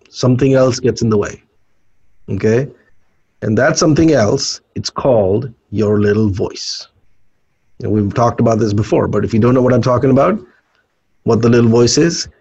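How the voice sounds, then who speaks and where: A man's voice: mid-range voice, darkish tone. Casual motivational man, muffled sound. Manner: conversational, frequent "you know" and "right?" fillers. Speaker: podcast host.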